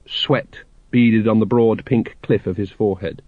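A man narrating a story aloud in a wry, expressive way. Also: fairly low pitch, unhurried, dry recording, narrow, tinny audio. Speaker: audiobook narrator.

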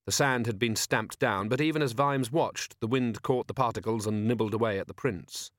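A man reading a comic fantasy novel aloud in a measured, wry way. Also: mid-range voice, no room sound, studio quality. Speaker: audiobook narrator. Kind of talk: scripted narration.

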